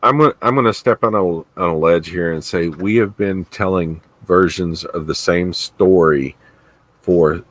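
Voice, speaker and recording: A man co-hosting a live movie commentary, emphatic and jokey, quick to agree. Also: sits low, dry recording. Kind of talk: casual live commentary chat.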